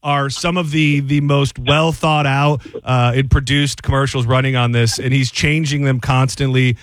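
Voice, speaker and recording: A man hosting a sports talk radio show, chatting casually with halting restarts. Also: medium pitch, level tone, no room sound.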